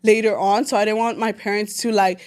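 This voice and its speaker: A woman's voice: medium pitch, fairly even intonation, brisk, a little mellow. A woman in her twenties from El Salvador, telling her story casually as a podcast guest, with frequent fillers and switches between English and Spanish.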